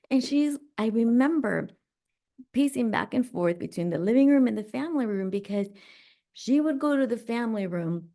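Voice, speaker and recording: A woman's voice: a little high, moderate pace, gravelly. Middle-aged woman telling a personal story. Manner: animated, reflective, acts out voices. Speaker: podcast host.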